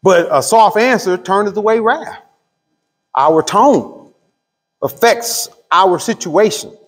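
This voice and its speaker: A middle-aged pastor teaching a Bible study, asking the room questions and drawing out key words. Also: male voice, high voice, animated, husky. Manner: call-and-response questions to the room; drawls key words slowly. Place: church hall. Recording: long hall reverb.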